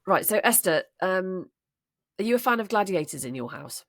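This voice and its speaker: A woman's voice: lowish voice, animated, normal speed, no echo, clean studio sound. A woman, a podcast co-host telling a funny family story and laughing often. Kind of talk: comic anecdote, casual chat.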